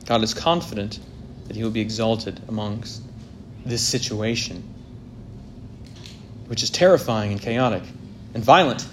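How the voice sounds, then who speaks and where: A man preaching an expository sermon, swelling loud on key points and dropping very soft, with faint noise behind him. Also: fairly low pitch, moderate pace, long pauses.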